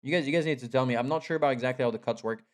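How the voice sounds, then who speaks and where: A young man giving live commentary on a strategy game match. He is excitable, repeats himself and talks straight to the players. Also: mid-range voice, racing. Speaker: esports caster.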